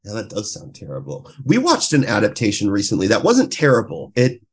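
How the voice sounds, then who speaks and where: Man, podcast co-host, casual chat, incredulous reactions, husky low voice, lively pitch. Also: a little fast. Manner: animated, reacting with incredulous swearing.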